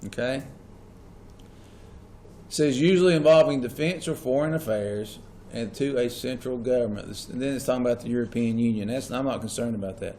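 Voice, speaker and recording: A man's voice: medium pitch, fairly even intonation, a little fast, dark tone. A man teaching a classroom lesson. He keeps asking the class questions and repeats the key points. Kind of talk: classroom lecture.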